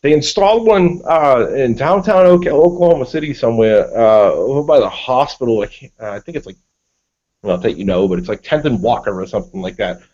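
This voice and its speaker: Profane, lively man on a lo-fi call. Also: mid-range voice, a little fast. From Massachusetts. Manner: profane, animated storytelling. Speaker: panelist. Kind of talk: casual storytelling on a group call. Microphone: online video call. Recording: dull lo-fi call audio.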